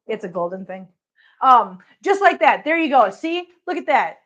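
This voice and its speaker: A middle-aged woman rambles casually to her cats and her live chat as she works, her voice sitting a touch high. She sounds a little out of breath. The stream audio is dull and lo-fi. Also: very animated, measured pace, a bit bright. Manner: chatty, talks to her cats and chat viewers. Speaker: cat channel vlogger. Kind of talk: casual livestream chat while cleaning.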